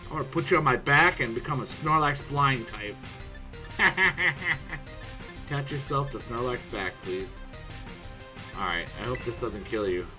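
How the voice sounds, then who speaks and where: A man streaming himself playing a video game, swearing a lot and swinging from low mutters to loud outbursts at the game. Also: normal speed. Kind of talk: casual live gameplay commentary. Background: game music.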